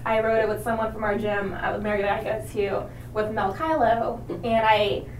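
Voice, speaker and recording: A woman's voice: mid-range voice, fairly even intonation, normal speed, roomy sound, far from the mic, slight background noise, rough recording. A woman hosting a podcast in casual chat, laughing often as she talks. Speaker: podcast host.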